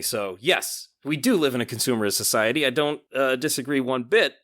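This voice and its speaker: Lively man chatting about music. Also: mid-range voice, fairly quick. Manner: animated, laughs often, quotes lyrics in voices. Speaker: podcast host. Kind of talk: casual podcast chat about music.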